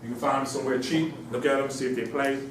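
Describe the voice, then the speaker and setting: A man from Mauritania giving an informal, animated lecture to a small audience, repeating himself and slipping into mocking voices. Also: medium pitch, quick pace, slight background noise. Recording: echoey room, distant mic.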